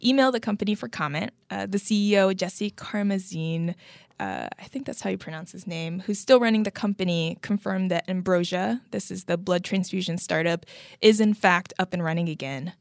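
Woman podcast cohost, laughs a lot, chatty, bit of vocal fry. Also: lowish voice, a little fast, no room sound, clean studio sound. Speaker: podcast co-host. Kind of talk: casual podcast chat.

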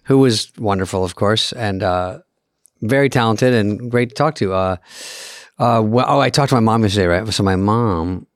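A man's voice: moderate pace, no echo, clean studio sound. A man co-hosting a podcast, telling a story in a casual chat and acting out other people's voices as he goes. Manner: animated storyteller, acts out his mother's voice in high pitch. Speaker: podcast co-host.

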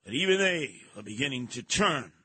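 A man hosting a talk radio show, delivering a brash, mocking monologue with frequent shouting and a New York accent. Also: mid-range voice, sing-song, moderate pace, husky.

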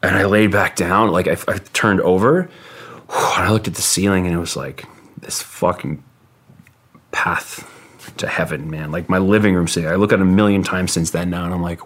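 A man telling a long personal story in a casual, halting way, full of "like" fillers and swearing. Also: low-pitched. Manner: rambling, halting, heavy with "like" and swearing.

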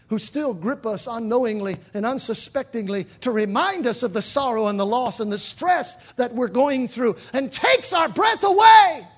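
A male pastor delivering a dramatic sermon in a church, swinging from shouted lines to near whispers. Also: high-pitched, slightly rough. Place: church sanctuary.

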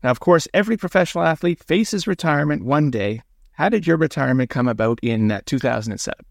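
A man hosting an interview and asking measured, prepared questions. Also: fairly high pitch, expressive, creaky, no echo, clean studio sound. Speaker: interview host.

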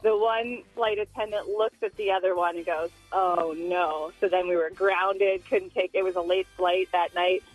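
Casting: female radio caller, plain storyteller, soft music underneath. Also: mid-range voice, steady tone, moderate pace, hardly any pauses, poor audio. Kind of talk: phone-in story.

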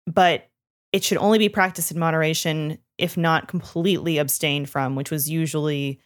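A woman with a voice sitting a bit low co-hosts a podcast. She chats casually, playful and teasing, and laughs easily. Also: fairly even intonation, normal speed. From Canada. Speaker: podcast co-host. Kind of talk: casual chat.

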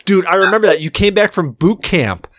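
A man's voice: high voice, a little fast, no echo, clean studio sound. A man co-hosting a podcast, telling a story with lots of swearing and laughter, sounding drunk. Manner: profane, laughing, animated storyteller. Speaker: podcast co-host. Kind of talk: casual chat, storytelling.

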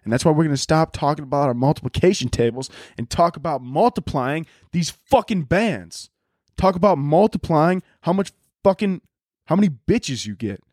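A man with a slightly high voice hosting a solo podcast from home. He talks in loose, profanity-heavy comic rants that wander from one tangent to the next. The sound is close and dry, with no room echo. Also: animated, normal speed, darkish tone. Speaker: podcast host. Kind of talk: casual solo podcast monologue.

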